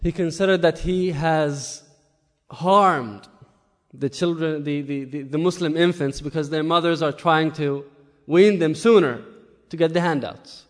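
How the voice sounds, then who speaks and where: A man telling a story as a sermon, animated and full of rhetorical questions. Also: on the high side, measured pace. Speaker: preacher. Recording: echoey hall with long reverb.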